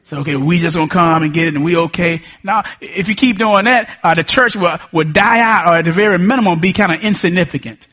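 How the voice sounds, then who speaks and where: A man's voice: high voice, fast, hardly any pauses, a bit bright. A man, a pastor preaching a sermon with emphatic, repetitive lines and call and response.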